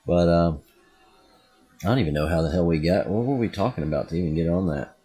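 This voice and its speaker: A middle-aged man with a Southern US accent chats casually as a podcast co-host. His voice sits very low and sounds husky. He tells rambling, lively stories packed with asides. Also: quick pace. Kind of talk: casual chat.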